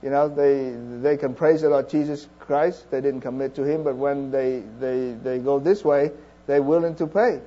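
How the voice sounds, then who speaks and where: A man preaching a sermon in an earnest, halting way, with frequent restarts and fillers. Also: mid-range voice, steady tone, warm tone, muffled recording.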